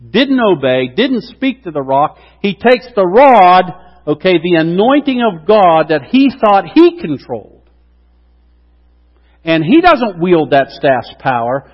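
A middle-aged man preaching a sermon, acting out quotes with lively asides to the congregation. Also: high-pitched. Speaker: pastor. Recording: dull lo-fi sound with long hall reverb.

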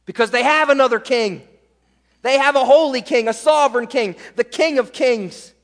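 Pastor guy preaching verse by verse, high voice, keeps tossing in "right?", big echoey hall. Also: normal speed. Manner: emphatic, rhetorical "right?" asides. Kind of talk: expository sermon.

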